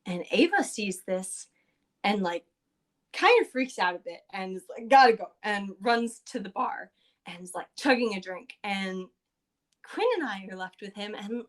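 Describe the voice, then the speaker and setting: A woman's voice: mid-range voice, animated, a little slow, fairly bright tone. Chatty woman recapping a game session. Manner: chatty, loose, lots of fillers. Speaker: podcast co-host.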